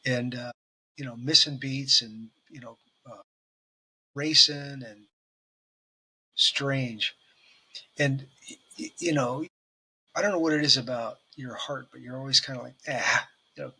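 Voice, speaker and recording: Bright, husky-voiced man spinning stories. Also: mid-range voice, steady tone, unhurried, long pauses. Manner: rambling storyteller, swears casually, laughs often. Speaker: podcast co-host. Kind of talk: casual chat.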